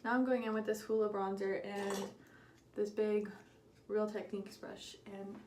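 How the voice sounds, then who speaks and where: A woman's voice: medium pitch, flat delivery, normal speed, a little mellow, roomy sound, a little hiss or hum. A young woman casually telling a story while doing her makeup, candid and giggly, swearing freely. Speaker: beauty vlogger.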